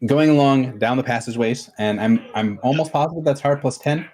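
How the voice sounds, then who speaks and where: A man narrating and explaining options as game master of a tabletop game, in a relaxed, rambling way. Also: medium pitch, fairly quick.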